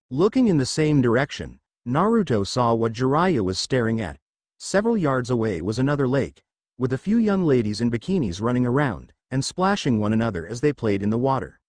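A man reads a fan fiction story aloud as its narrator. His delivery is expressive, with a lively, animated pitch, and the recording is close and dry with no room sound. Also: no echo. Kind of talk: fan fiction audiobook reading.

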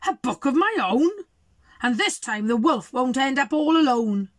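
A woman reading aloud puts on a sly storybook wolf who sneers his lines, pitched a touch high. He is scheming and smug, then turns puzzled, in a dry, close-sounding room. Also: animated, normal speed, dry recording. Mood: excited.

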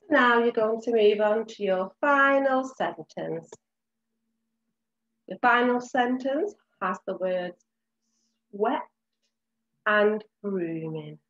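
A woman teaching a recorded phonics lesson to young children, sounding out words slowly and clearly. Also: mid-range voice, muffled recording. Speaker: reception class teacher.

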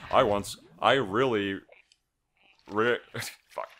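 A man's voice: lowish voice, very slow, fairly bright tone, slight background noise. A man co-hosting a let's-play with casual commentary and joking, laughing banter.

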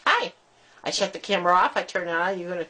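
A woman's voice: lowish voice, animated, quick pace, sharp tone. Woman cooing sing-song baby talk. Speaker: pet owner talking to her bird. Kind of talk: home video, baby talk to a pet. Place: at home. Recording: noisy home camera recording.

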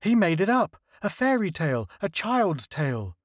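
A man's voice: high voice, sing-song, normal speed, no echo, clean studio sound, pitched above the performer's own voice. A man playing a rattled, muttering doctor. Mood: urgent. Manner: agitated, muttering. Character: shaken male scientist, a doctor.

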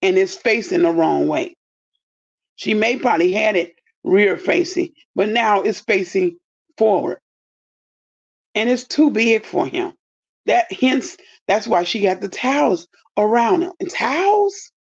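A woman in her fifties talks straight at her viewers in an indignant, blunt way and swears freely. Her voice is gravelly and a little husky. The audio sounds dull and lo-fi. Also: medium pitch, measured pace. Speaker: commentary vlogger. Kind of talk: casual commentary.

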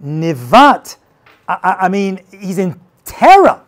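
Male rabbi, lively casual storyteller with expressive, swinging pitch. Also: slow pace. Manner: dramatic, casual, retells scenes with acted quotes. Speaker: rabbi teaching. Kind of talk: animated storytelling lesson.

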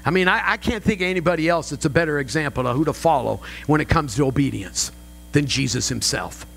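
A man's voice: a little high, expressive, fast talker, gravelly, a bit bright, a little hiss or hum, poor audio. An older male pastor preaching a sermon, telling family stories with humor and rising emphasis. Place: church sanctuary.

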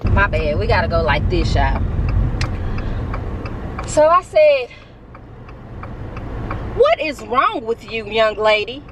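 A woman in her early forties telling a casual storytime vlog, candid and animated, quick to vent. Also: medium pitch, noisy background. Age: 40s. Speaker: vlogger.

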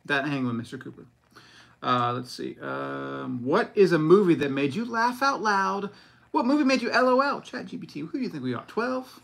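A man's voice: a little high, expressive, normal speed, vocal fry, fairly bright tone, a little hiss or hum. A man co-hosting a podcast, chatting casually and playfully about movies, joking and swearing. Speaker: podcast co-host. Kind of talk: casual chat.

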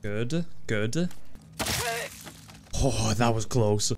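A man commentating his own video game playthrough, easily frustrated, swearing often and breaking into excited outbursts. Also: lowish voice, drawn-out words, noisy background. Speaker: gaming channel host. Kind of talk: let's play commentary.

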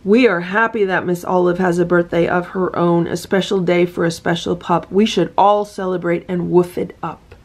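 A woman reading a children's picture book aloud to her cats, gentle and sing-song, breaking off to point at the pictures. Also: lowish voice, fairly even intonation, normal speed, few pauses. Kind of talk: storybook read-aloud with asides.

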